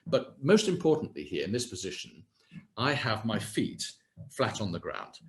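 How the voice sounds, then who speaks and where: A communication and voice coach leads a webinar over a video call, teaching posture and voice through practical exercises. His lowish voice is creaky and moves at a normal speed. He's lively and hands-on, demonstrating as he talks.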